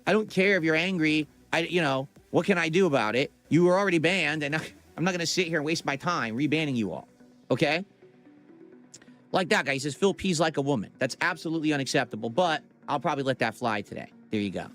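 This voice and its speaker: A man's voice: on the high side, fast talker, a bit bright, soft background music. A man livestreaming to his chat in a casual, profane and defensive rant.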